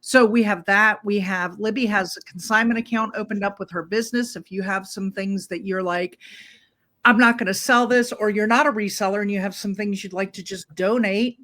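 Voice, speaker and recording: Bright chatty woman host. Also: medium pitch, steady tone, a little fast, hardly any pauses. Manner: chatty, scattered, upbeat. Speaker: reseller show host. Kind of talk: casual video intro.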